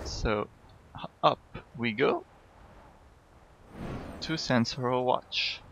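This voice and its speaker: A man narrating a game dungeon in a relaxed, casual way, trying out names as he goes. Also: medium pitch, very slow, faint music behind, poor audio. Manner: relaxed, unsure of names, reads quest text aloud.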